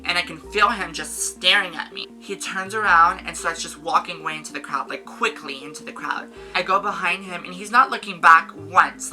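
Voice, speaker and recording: A young woman telling a casual storytime on her vlog, animated, swearing and saying "like" a lot. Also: lowish voice, rough recording. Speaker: vlogger.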